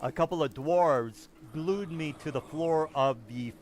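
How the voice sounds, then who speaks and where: A man voicing a huge, desperate male deep spawn monster stuck in a citadel, speaking in a guttural voice. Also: unhurried, a little hiss or hum, natural voice. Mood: pleading.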